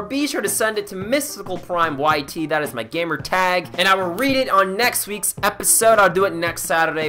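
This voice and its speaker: A young man hosting a gaming vlog, reading out fan messages in a goofy, teasing way. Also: high-pitched. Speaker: YouTuber.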